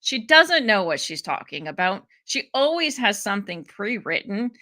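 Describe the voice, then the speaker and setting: A woman's voice: mid-range voice, normal speed. A young woman from Ohio giving chatty, laughing live commentary on a hearing. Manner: chatty, laughing, animated asides. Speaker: political commentary streamer.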